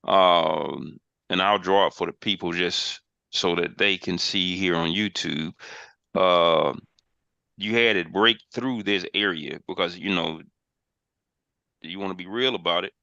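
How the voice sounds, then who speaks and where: Emphatic man with a bright voice. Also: deep voice, measured pace, creaky, no echo, muffled recording. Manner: emphatic, repeats phrases, playful bursts. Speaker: trading mentor, host. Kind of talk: casual online group call, chart walkthrough.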